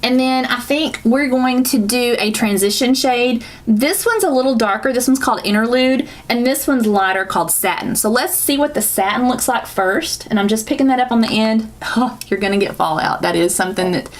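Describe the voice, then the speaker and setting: A woman's voice: fairly high pitch, moderate pace. Chatty Southern woman doing a makeup tutorial. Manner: chatty, rambling, self-correcting with laughs. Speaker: beauty vlogger.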